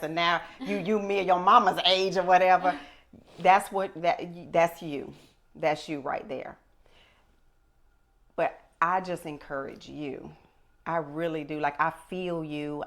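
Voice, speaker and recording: A middle-aged woman hosting a podcast, telling stories in an animated, emphatic way. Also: low voice. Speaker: podcast host. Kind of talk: casual chat.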